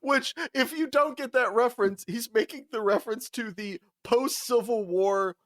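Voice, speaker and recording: A man's voice: very high-pitched, normal speed, fairly bright tone, no room sound, studio quality. A man co-hosting a podcast, telling a story in a casual, profane way and laughing often. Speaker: podcast co-host.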